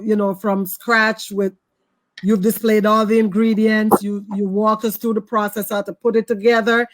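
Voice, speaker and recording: A woman co-hosting a live cooking stream, praising the chef and recapping for viewers who are just tuning in. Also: mid-range voice. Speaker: co-host of a cooking show.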